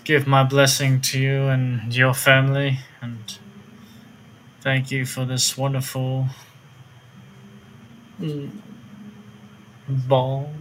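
A man doing an earnest, awkward young cleric in a tabletop game, hesitant and fumbling for words, spoken slowly with a bright edge. A faint noise sits behind. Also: mid-range voice, completely flat delivery, poor audio.

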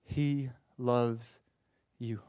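A man preaching a sermon with passion, moving between hushed tender passages and loud emphatic ones, often stammering and repeating words as he presses his points. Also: medium pitch, flat delivery, drawn-out words, smooth, dry recording.

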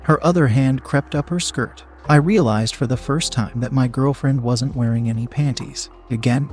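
A man narrating a first-person story in a steady, frank way. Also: mid-range voice, moderate pace, faint music behind.

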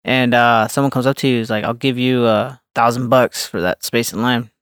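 Man, mid-pitched smooth voice, relaxed casual podcast talk, dry close sound. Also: normal speed, no echo. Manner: relaxed, posing what-if questions. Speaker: podcast co-host. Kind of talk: casual chat.

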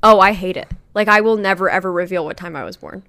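A woman's voice: on the low side, fast, sharp tone. A young woman hosting a podcast, chatting casually and telling stories with self-deprecating asides. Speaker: podcast host. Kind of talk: casual chat.

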